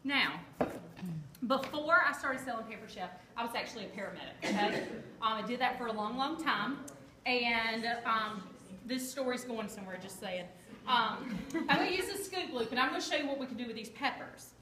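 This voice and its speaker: A woman's voice: fairly high pitch, lively intonation, normal speed, pushed and bright. A woman giving a chatty, joking live cooking demonstration and quizzing her audience. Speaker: kitchen product demonstrator. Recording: echoey room with background noise.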